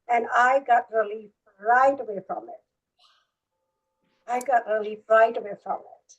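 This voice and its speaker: A woman participant earnestly sharing a personal practice, speaking haltingly with repeats and restarts. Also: a little high, dull audio. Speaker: workshop participant.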